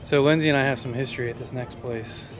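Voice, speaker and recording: A man's voice: mid-range voice, steady tone, fast talker. A man in his thirties hosting a casual travel vlog outdoors, joking and talking straight to the camera. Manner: easygoing, jokey, talks to the camera. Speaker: vlog host. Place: outdoors on city streets.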